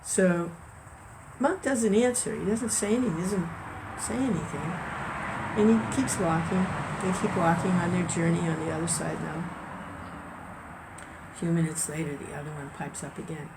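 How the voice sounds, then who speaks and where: A woman's voice: fairly low pitch, normal speed, noisy background. A woman leading an informal spiritual discussion and telling a story in a conversational way, with restarts and chuckles. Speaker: devotional discussion leader.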